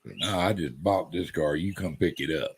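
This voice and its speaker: A man's voice: low-pitched, moderate pace, slightly rough, rough recording. A man chatting casually with viewers on a live stream, easygoing and rambling. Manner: easygoing, rambling, laid-back.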